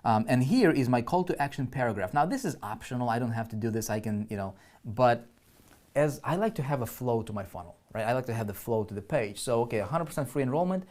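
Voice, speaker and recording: A man's voice: medium pitch, animated, quick pace, a little mellow. A man teaching an online marketing lesson as a screen-share walkthrough, thinking aloud, often checking in with listeners and restarting his words. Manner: frequent restarts and repeated words.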